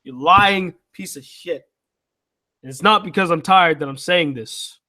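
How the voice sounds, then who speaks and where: Man, high voice, slow unhurried talk, tired and yawning, livestream host, swears while teasing viewers. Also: bright, forceful tone. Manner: loose, profane, teasing banter with viewers. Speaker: YouTube channel host. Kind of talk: casual live-stream chat reading viewer comments.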